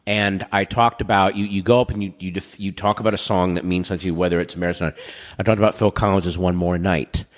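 A man in a casual chat, rambling through stories with quick asides, his throat dry so he keeps clearing it. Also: low-pitched, fairly even intonation. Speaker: podcast guest.

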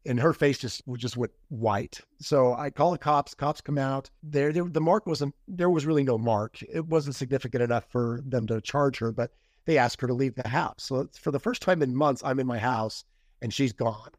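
A man's voice: mid-range voice, moderate pace, dry recording, clean studio sound. A middle-aged man as a podcast guest, candidly telling a personal story in casual conversation and acting out the quoted lines. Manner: candid, acts out quoted dialogue.

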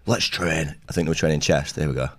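A man's voice: rumbling low, racing, dry recording, studio quality. A man chatting as a podcast guest, telling stories loosely with lots of fillers and laughs. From Leeds, England. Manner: laughs often, relaxed storytelling with fillers. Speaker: podcast guest, former gymnast. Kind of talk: casual chat.

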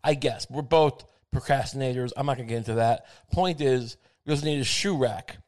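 A man rambling through a comic monologue, self-mocking and profane, with frequent halting restarts. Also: medium pitch, a little mellow.

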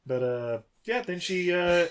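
A man's voice: high-pitched, a little slow, clear, resonant tone. A man co-hosting a podcast, rambling casually through a film plot with lots of fillers. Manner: rambling, many fillers, acts out characters. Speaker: podcast co-host.

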